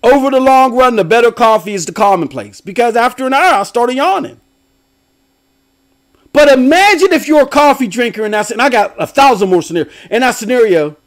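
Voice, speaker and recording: Animated high-voiced man hosting. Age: middle-aged. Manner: animated, laughing, talks with slang. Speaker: host. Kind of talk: casual livestream commentary.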